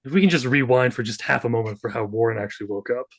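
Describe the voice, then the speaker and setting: A man's voice: medium pitch, rapid-fire, no room sound. A man playing a tabletop role-playing game, describing his character's morning in a casual, playful, rambling way. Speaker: player.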